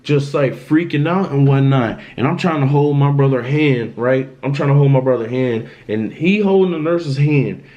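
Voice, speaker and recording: A young man vlogging, retelling a frightening personal story in an animated, emphatic way with lots of slang. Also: medium pitch, moderate pace, hardly any pauses, muffled recording. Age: young adult. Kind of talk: storytime vlog.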